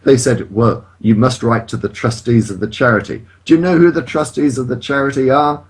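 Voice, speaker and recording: A man's voice: mid-range voice, steady tone, brisk. A man on a podcast, talking in an indignant, emphatic way and swearing freely. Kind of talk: casual chat.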